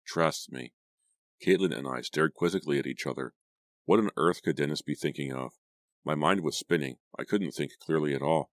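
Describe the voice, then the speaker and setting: A man narrating a horror audiobook in a steady, first-person storytelling read. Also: a bass voice, brisk, dry recording, clean studio sound. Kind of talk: scripted narration.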